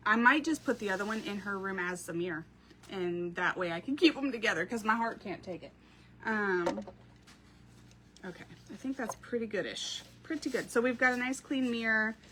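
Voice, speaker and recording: A woman's voice: mid-range voice, bright, forceful tone, slight background noise. A woman, hosting a craft live stream from home, chatting to viewers, telling stories and laughing often. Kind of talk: casual live-stream chat.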